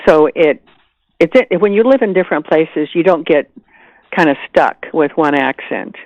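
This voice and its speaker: An older woman from the American South, an actress chatting as a guest in an animated way, with frequent restarts. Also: deep voice, moderate pace, dry recording, muffled recording. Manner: animated, chatty, laughs easily, many restarts. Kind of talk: casual interview chat.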